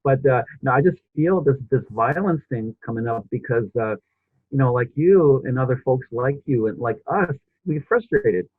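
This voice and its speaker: A man's voice: medium pitch, lively intonation, moderate pace, dry recording. A male podcast host in casual interview chat, rambling with many restarts and fillers. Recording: husky voice over a tinny phone-like line.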